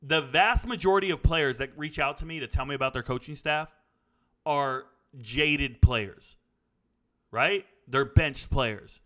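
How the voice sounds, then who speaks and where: A man's voice: a little high, measured pace, fairly bright tone. A middle-aged man hosting a casual sports Q&A, blunt and opinionated, wandering into stories. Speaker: sports commentary host answering viewer questions. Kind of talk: casual live Q&A chat.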